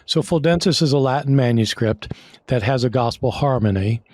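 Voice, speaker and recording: A man's voice: medium pitch, moderate pace, a little mellow, no echo. A man explaining as a guest scholar in an interview, conversational, with many fillers and restarts.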